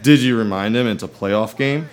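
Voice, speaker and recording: A man's voice: fairly low pitch, moderate pace. A man acting in a comedy sketch, talking in an earnest, naive, matter-of-fact way. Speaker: comedy podcast co-host.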